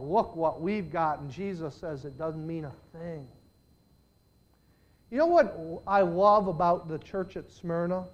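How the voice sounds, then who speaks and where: An older man preaching a sermon as a pastor, swinging between hushed, intimate lines and loud, emphatic declarations. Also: high-pitched, dull audio.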